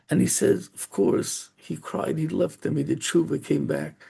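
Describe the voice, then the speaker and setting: Gravelly, husky-voiced rabbi telling a story. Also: male voice, on the high side, steady tone, mellow. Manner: halting, many restarts and repeated words. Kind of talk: sermon storytelling.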